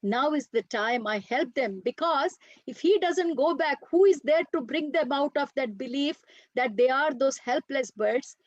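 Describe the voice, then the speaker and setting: A woman voicing a wise, forgiving male seagull teacher, speaking calmly and firmly, in a dry, dull lo-fi recording. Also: sits high, unhurried, no room sound. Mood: resolute. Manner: calm, resolute.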